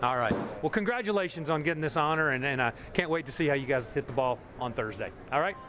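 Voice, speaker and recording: A man's voice: a little high, expressive, fast talker, a crowd in the background. A man reporting live from a golf course, chatting upbeat with young players and laughing often. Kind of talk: live field interview and report.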